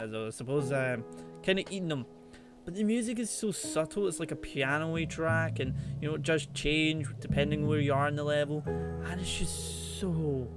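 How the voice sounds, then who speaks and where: Chatty gamer guy narrating his playthrough, kinda high voice, joking with the critters. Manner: chatty and playful, teasing the game animals. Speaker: gaming channel host. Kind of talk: let's play commentary.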